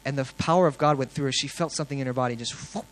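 A young man sharing a testimony with a congregation, telling his story earnestly and excitedly, with plenty of fillers and restarts. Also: medium pitch, racing, poor audio.

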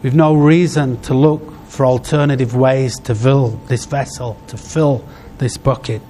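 A man preaching a sermon, heartfelt, in short phrases broken by pauses. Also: mid-range voice, steady tone, mellow, slight background noise.

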